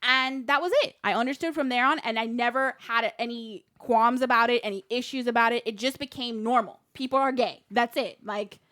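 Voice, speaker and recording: A woman co-hosting a casual podcast who tells personal stories in a chatty way and laughs easily. Her voice sits a little high. The sound is dry and close, with no room echo. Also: steady tone, fairly quick, hardly any pauses, a bit bright. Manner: chatty, laughs often, storytelling. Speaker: podcast co-host. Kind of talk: casual chat.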